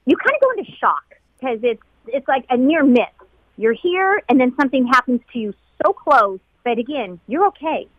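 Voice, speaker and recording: A woman's voice: sits high, lively intonation, dry recording. Tearful woman recalling a painful day. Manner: tearful, halting, repeats herself. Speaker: flight attendant interviewee. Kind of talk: emotional personal recollection. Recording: dull lo-fi sound.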